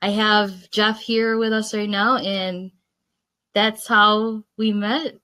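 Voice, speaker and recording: A woman's voice: medium pitch, level tone, slow pace, sharp tone, clean tone. Chatty, enthusiastic woman host. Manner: chatty and enthusiastic, laughs often. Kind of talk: casual chat. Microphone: video call.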